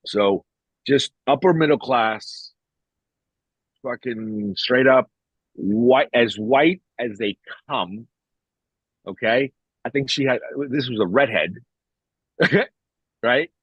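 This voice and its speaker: A man's voice: medium pitch, expressive, slow pace, pauses often, husky, no echo. A man in casual podcast chat, ranting in a profane, exclamatory way. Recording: dull, slightly lo-fi recording.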